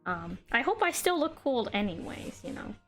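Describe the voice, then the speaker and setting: A woman streaming, chatting casually in a deliberately chosen voice, rambling with lots of fillers. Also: very animated. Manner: playful, with sudden high pitch jumps; uses a deliberately chosen put-on speaking voice. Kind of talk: casual chat to stream viewers. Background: faint background music.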